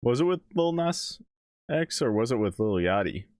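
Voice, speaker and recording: A man's voice: medium pitch, big pitch swings, normal speed, a little mellow, dry recording, studio quality. A man hosting a music reaction live stream, chatting casually with laid-back, chuckling, rambling asides and sometimes talking with his mouth full.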